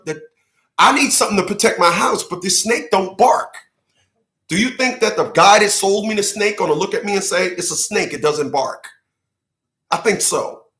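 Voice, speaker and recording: A man with a bright, slightly high voice delivers an emphatic opinion monologue and acts out mock conversations. He laughs at his own jokes along the way. The sound bounces around an echoey room. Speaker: commentary show host. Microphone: livestream setup.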